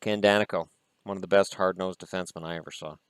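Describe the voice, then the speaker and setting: Low-voiced guy rambling through a card-opening vlog, opinionated, swears a bit, dry close sound. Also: fairly even intonation, fast, smooth, no room sound. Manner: chatty and opinionated, with mild swearing. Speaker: hockey vlogger.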